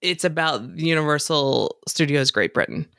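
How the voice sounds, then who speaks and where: A woman's voice: low-pitched, animated, normal speed, gravelly, a bit bright, no echo, clean studio sound. A woman co-hosting a podcast in casual chat, rambling with frequent restarts and laughs. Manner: rambling, giggly, lots of restarts. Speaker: podcast co-host.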